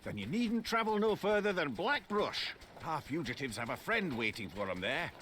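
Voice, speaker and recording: An actor voicing a blunt, rough-spoken soldier in a fantasy video game. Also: male voice, a little high, sing-song, moderate pace, sharp tone, a little hiss or hum.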